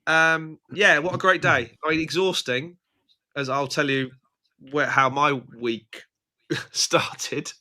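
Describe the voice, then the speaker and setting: This slightly sleep-deprived, tired British man hosts a live chat show in casual live-stream style, teasing playfully and laughing frequently. His voice is on the high side and steady, slow-paced, bright, and forceful.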